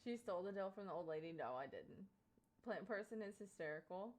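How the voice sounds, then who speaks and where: A woman's voice: mid-range voice, a little fast. A young woman streamer telling a story casually to her chat, full of fillers and frequent laughter. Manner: animated, laughs often, many fillers like "like" and "um". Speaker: live streamer.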